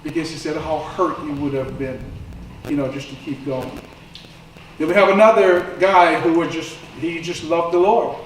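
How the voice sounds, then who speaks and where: A man's voice: on the high side, steady tone, normal speed, a little hiss or hum. Man, preacher, sermon, storytelling, impassioned, faint room ambience, very echoey sanctuary. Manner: conversational storytelling, rising to impassioned. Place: church sanctuary. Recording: echoey church room from far off.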